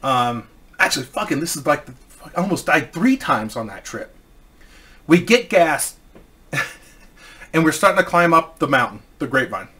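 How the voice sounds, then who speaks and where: Man with a slightly high voice, rambling. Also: big pitch swings, moderate pace, pauses often, pushed and bright. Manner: rambling, profane, many restarts. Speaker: streamer telling a personal story. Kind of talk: casual storytelling.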